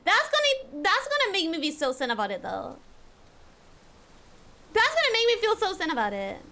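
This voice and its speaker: A woman streaming a game live, chatting casually and answering chat quickly. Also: very high-pitched, huge pitch swings, pushed and bright.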